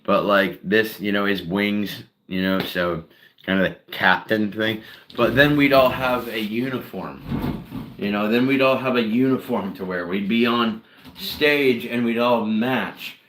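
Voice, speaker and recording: A man's voice: on the low side, a little slow, fairly bright tone, slight background noise. A man chatting casually on a solo live stream, rambling and heavy on fillers. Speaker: streamer and singer-songwriter.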